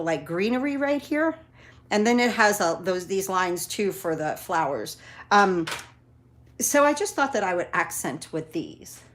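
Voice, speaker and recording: A chatty woman walks viewers through a card-making project at her craft table. She talks in a relaxed, encouraging way, dropping in fillers as she goes. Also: fairly low pitch. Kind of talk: casual craft tutorial.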